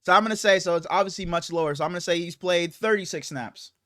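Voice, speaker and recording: A man's voice: sits high, fast, sharp tone, dry recording. A man co-hosting a casual sports podcast, telling a story with lots of laughter and swearing. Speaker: podcast co-host.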